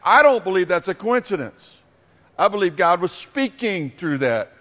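A man preaching a sermon as pastor, telling a story with passion and building to loud, emphatic peaks. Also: high voice, very animated, moderate pace. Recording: long hall reverb.

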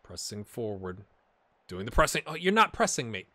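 A man casually commentating his own football video game, excitable and wry, jumping from loud cheering to quiet muttering. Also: lowish voice, moderate pace. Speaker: gaming channel host.

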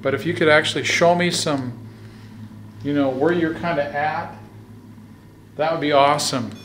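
Hushed ghost-hunting man calling out. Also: fairly high pitch, fairly even intonation, moderate pace, slight background noise. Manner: hushed, often whispering, calling out to spirits. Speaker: paranormal investigator. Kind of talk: ghost hunting vlog commentary. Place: cold dark basement of an old hospital.

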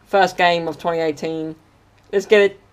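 With a fairly high voice and fairly even intonation, a young English vlogger chats casually to a handheld camera at home at a moderate pace. He's joking and playful, making sound effects, and a little hiss or hum sits in the audio.

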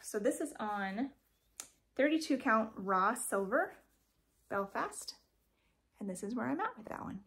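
Chatty woman with a slightly high voice. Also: very animated, measured pace, long pauses, a bit bright. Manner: chatty, rambling, self-correcting with frequent ums. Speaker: cross stitch vlogger. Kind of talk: casual show-and-tell vlog. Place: home craft room.

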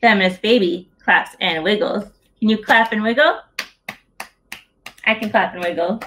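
A woman's voice: mid-range voice, moderate pace, a bit bright. A woman in her thirties reads a picture book to young children over a video call. She keeps it playful and sing-song, asking the kids questions and cheering them on as she goes. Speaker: children's book author reading aloud. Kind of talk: story hour read-aloud for children.

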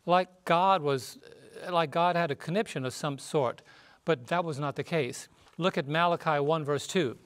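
Male panelist, bit high voice, preachy emphasis on quoted verses. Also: moderate pace, a bit bright. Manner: emphatic, rises sharply when quoting scripture. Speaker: Bible study panelist. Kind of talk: Bible study panel teaching.

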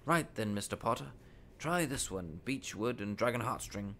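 A man reading aloud, voicing an eerie, precise old male wandmaker with measured, drawn-out phrasing. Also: lowish voice, animated, a bit bright, a little hiss or hum. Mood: coaxing.

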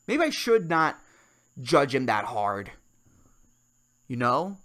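A man's voice: medium pitch, sing-song, takes it slowly, fairly bright tone. A young man hosting a solo comedy podcast, ranting with lots of swearing and swinging between worked-up outbursts and mumbled asides. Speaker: podcast host. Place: Puerto Rico.

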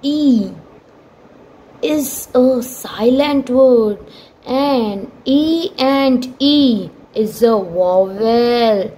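Slow, echoey Indian English teacher. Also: female voice, dark tone, a little hiss or hum. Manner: slow, spelling out letters and sounds, with high questioning prompts. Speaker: primary school English teacher. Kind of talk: phonics lesson for young children. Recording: echoey room with long reverb.

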